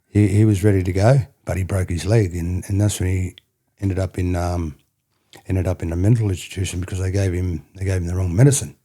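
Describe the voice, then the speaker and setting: A middle-aged man with an Australian accent, his voice low, dark and husky. He tells stories in a loose, rambling way and keeps circling back with "you know what I mean". It sounds like a relaxed podcast conversation. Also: fairly quick. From country New South Wales, Australia. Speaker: podcast guest, former rugby player. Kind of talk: casual reflective storytelling.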